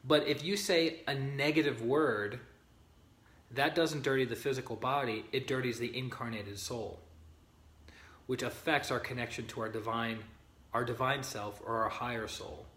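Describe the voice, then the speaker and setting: A spiritual teacher reads from a book during an informal online teaching, speaking at normal speed in a mid-range, slightly bright voice with fairly even intonation. He greets viewers by name and checks in with them often, and the room gives a noticeable echo.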